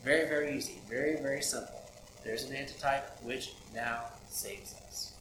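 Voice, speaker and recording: A man's voice: medium pitch, steady tone, moderate pace. A man preaching a sermon in a conversational way, asking many rhetorical questions. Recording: echoey room with audible background noise.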